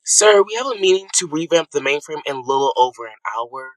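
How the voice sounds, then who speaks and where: Brief: woman as brusque attorney, low voice, dry sound. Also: lively intonation, brisk, dry recording, low-quality recording. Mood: curt. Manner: curt, businesslike, snappish. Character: impatient family lawyer. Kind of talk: school play over video call.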